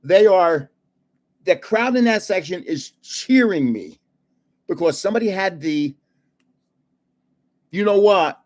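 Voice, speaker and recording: An older man hosting a trading card live stream, telling stories in an animated way, laughing often and chatting with viewers. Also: high-pitched, measured pace. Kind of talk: casual live-stream chat and storytelling.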